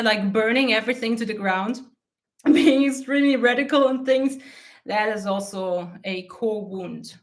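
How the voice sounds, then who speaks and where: Her voice is fairly high and a bit bright as this woman, a mindset coach with her own channel, speaks casually to camera. She's blunt and profane, laughs frequently, and has teary eyes because of an allergy.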